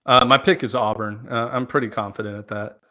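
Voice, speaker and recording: A man co-hosting a casual sports podcast, talking through his picks in a relaxed way with plenty of fillers. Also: medium pitch, brisk. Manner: relaxed, thinks aloud with fillers. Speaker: podcast co-host.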